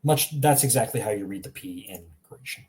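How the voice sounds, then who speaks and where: A man giving a casual live language lesson, chatty and relaxed, reacting to viewers' examples and laughing now and then. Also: lowish voice, a little fast. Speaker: language teacher.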